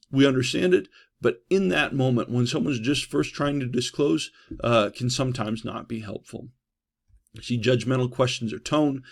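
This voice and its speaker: A man giving a trauma-response training lecture in a conversational way, often checking in with "right?" and pausing on "uh". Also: medium pitch, creaky. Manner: conversational, frequent "right?" and "uh" fillers.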